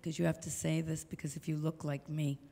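A woman's voice: low-pitched, level tone, brisk, gravelly, warm tone. An older woman giving a storytelling lecture, animatedly acting out the voices of the people she quotes. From United States. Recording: long hall reverb.

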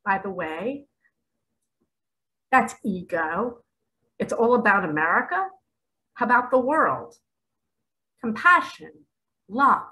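Impassioned middle-aged woman, slow and lively. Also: mid-range voice, poor audio. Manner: emphatic and dramatic, at times dropping to a whisper. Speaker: spiritual vlogger. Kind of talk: impassioned spiritual commentary.

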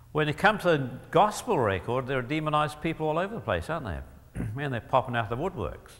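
Male Bible teacher, mid-pitched and gravelly; emphatic lecture delivery, frequent throat-clearing. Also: a bit bright. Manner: emphatic, asks the audience rhetorical questions. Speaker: Christian teacher. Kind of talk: lecture-style teaching talk. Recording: long hall reverb.

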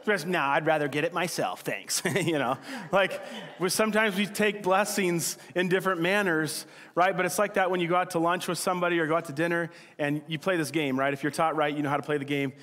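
A man delivers a sermon in a loose, conversational way, joking with the congregation and acting out quick exchanges. His voice sits a little high for a man. The sound carries the long reverb of a church hall. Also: steady tone, a bit bright. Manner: casual, joking and chatty, with quick acted-out asides. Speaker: pastor.

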